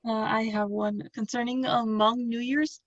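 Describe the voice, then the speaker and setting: A woman's voice: on the high side, little pitch movement, normal speed, no room sound. Hesitant woman asking questions on a call. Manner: hesitant, many fillers like "you know". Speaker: workshop participant. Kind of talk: asking questions in an online workshop. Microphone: video call. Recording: dull lo-fi video call audio.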